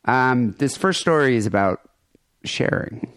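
A man's voice: medium pitch, expressive, a little slow, fairly bright tone, no echo. A man hosting a comedy podcast, trading loose, crude banter and laughing often. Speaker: podcast host. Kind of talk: casual comedy podcast chat.

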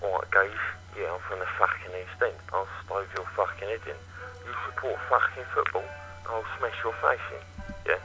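A man's voice: lowish voice, normal speed, pushed and bright, faint music behind, rough recording. A man voicing a menacing Cockney gangster with a London accent who swaggers, threatens and swears heavily.

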